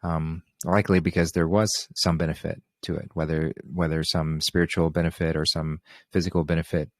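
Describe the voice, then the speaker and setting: A man's voice: extremely low pitch, level tone, brisk, no echo, clean studio sound. A man hosting an open question session on a group video call, talking in an easygoing, rambling way with many fillers. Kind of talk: casual spiritual talk on a group call.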